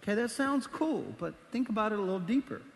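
High-voiced pastor preaching in a big hall. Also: male voice, fast. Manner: animated, shifts between quiet asides and shouting. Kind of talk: sermon.

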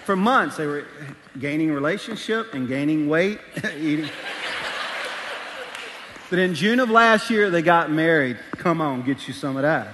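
A man preaching a sermon as pastor. He is animated, moving between quiet asides and shouting, in a large church auditorium. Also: on the high side, a little slow, pauses often, long reverb tail, background noise.

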